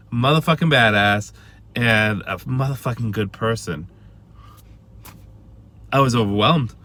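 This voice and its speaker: Casting: bright-voiced male vlogger, excitable fan rant, lots of cursing and restarts. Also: mid-range voice. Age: adult with a wife and family. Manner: swearing, emphatic, stammering restarts.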